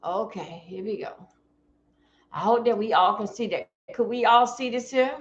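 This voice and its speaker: A woman's voice: on the high side, normal speed, highs cut off. A woman from Florida, giving blunt casual commentary to her live-stream chat from home.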